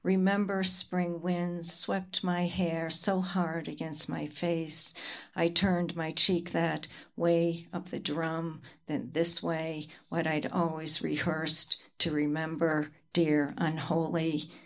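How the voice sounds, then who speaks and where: Slow, low-voiced woman reading poetry. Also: flat delivery. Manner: slow, deliberate recitation with pauses. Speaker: poet.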